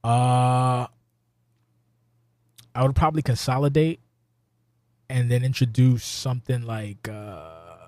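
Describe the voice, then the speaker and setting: A man's voice: mid-range voice, slow, long pauses, darkish tone, no room sound. A man hosting a podcast, talking loosely and profanely, rambling with sudden exasperated outbursts. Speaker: podcast host. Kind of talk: casual podcast chat.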